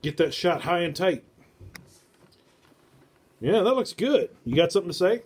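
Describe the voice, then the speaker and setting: A man's voice: high-pitched, animated, normal speed, husky. A man hosting a casual livestream from home. He rambles and drops crude jokes as he talks. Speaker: show host.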